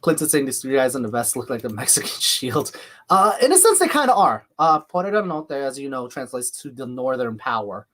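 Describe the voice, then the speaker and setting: A man with a slight lisp hosts a live watch-along stream. He talks in a chatty, easygoing way, jumping between calling the action and answering viewer comments. His voice sits at an ordinary middle pitch. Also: big pitch swings, fairly quick, a bit bright. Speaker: livestream host.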